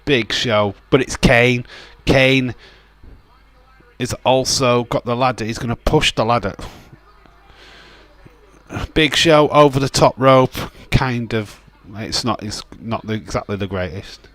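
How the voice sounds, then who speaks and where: A man's voice: medium pitch, takes it slowly, a bit bright. A young man casually commenting on a wrestling watch-along, rambling and swearing while reading chat. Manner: rambling, chatty, swears and laughs, reads chat aloud. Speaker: streamer hosting a watch-along. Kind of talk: casual live-stream commentary.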